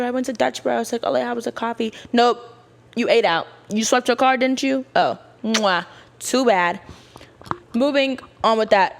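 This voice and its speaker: Young woman, podcast host, chatty and slangy, casual delivery. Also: mid-range voice. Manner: chatty, slangy, talks straight to listeners. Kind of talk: casual chat.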